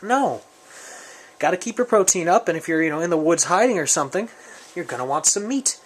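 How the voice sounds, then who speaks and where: A man's voice: on the high side, lively intonation, brisk, a little hiss or hum. Rambling, joking guy reviewing gear. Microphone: camera mic, speaker off-frame.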